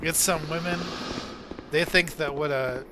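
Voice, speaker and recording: A man's voice: on the high side, fairly even intonation, measured pace, background noise. A man streaming a game, chatting casually and rambling through crude jokes with lots of fillers. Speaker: gaming streamer. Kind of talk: casual gaming-stream chat.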